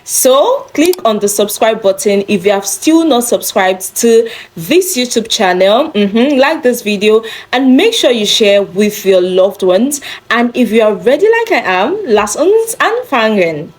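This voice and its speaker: A woman's voice: a little high, very animated, unhurried, hardly any pauses. A woman teaching a beginner German lesson, repeating each word several times for the learner.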